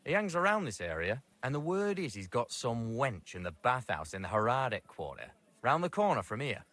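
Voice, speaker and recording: A gruff Geordie tavern drinker. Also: male voice, mid-range voice, big pitch swings, brisk, a bit bright. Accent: Geordie-style northern English. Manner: blunt, dialect-heavy, chuckling. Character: gruff northern English male tavern drinker.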